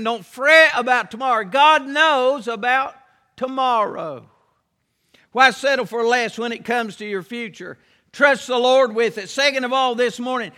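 A man's voice: extremely high pitch, pushed and bright. A man preaching a sermon, emphatic and repetitive, drawing out key words and reading scripture aloud in a church. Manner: emphatic, repeats key phrases, draws out words; reads King James scripture aloud. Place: church sanctuary. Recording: long church hall reverb.

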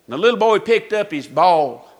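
A man preaching a sermon, telling a story dramatically, his voice swinging from hushed to shouting. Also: high voice, big pitch swings, moderate pace. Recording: echoey hall reverb.

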